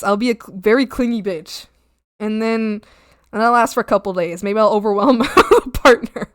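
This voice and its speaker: A young woman streaming and chatting casually while drawing, rambling and swearing freely, her voice swinging from loud outbursts to quiet mumbling. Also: medium pitch, no echo, clean studio sound.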